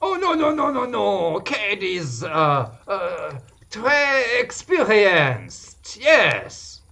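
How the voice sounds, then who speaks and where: A boisterous male adventurer in a tabletop game bellows in a heavy French accent, as a man puts him on. The voice is bright and sharp, with a gravelly crackle, and it swings widely in pitch. He lingers over his words at an unhurried pace. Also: huge pitch swings, heavily acted. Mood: boastful. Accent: put-on French. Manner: exaggerated, shouty mock-French outbursts. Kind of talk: tabletop role-play.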